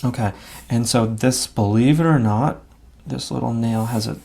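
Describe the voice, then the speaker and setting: A man giving a relaxed drawing lesson, talking through each stroke as he draws, with frequent fillers and self-critical asides. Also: mid-range voice, normal speed, vocal fry. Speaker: drawing instructor. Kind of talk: casual instructional narration while drawing.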